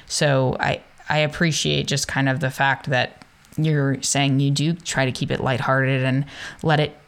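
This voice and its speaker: A woman hosting a casual conversation, speaking in a thoughtful, measured, rambling way. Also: extremely low pitch, level tone.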